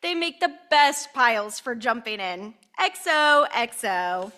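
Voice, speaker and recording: A woman's voice: fairly high pitch, sing-song, slow, bright, forceful tone, exaggerated voice. A woman reading the lines of a cheerful little girl from a storybook during a church service, in an earnest, sing-song way. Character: cheerful little girl writing love letters. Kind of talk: reading a picture book aloud in church.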